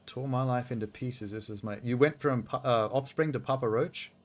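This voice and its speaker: A man's voice: medium pitch, moderate pace. A man streaming a video game, chatting casually and rambling through asides with a self-deprecating humor. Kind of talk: casual live-stream commentary.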